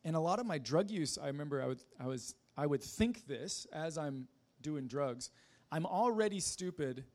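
Gravelly man telling his story haltingly. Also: a little high, lively intonation, darkish tone. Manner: halting, with many fillers and restarts, self-deprecating laughs. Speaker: speaker giving a personal testimony. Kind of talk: casual spoken testimony.

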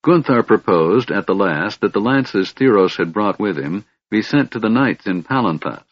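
Male fantasy narrator, measured and expressive, low voice, dry close sound. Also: no room sound. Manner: measured storytelling. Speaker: audiobook narrator. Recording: dull lo-fi audiobook recording.

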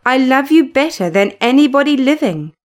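A woman reading a storybook, voicing an affectionate, earnest teenage girl in a soft, tender manner. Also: high voice, expressive, moderate pace.

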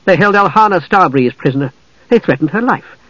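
A man's voice: sits high, lively intonation, brisk, fairly bright tone, no room sound, dull audio, pitched above the performer's own voice. A man reading an audiobook, voicing a grim, blunt aging half-elf husband.

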